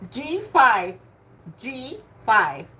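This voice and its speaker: A woman's voice: a little high, sing-song, extremely slow, sharp tone. An older woman hosting a casual livestream bingo game. She chats and laughs often, and greets her viewers by name. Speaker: livestream host running bingo. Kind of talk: casual live chat.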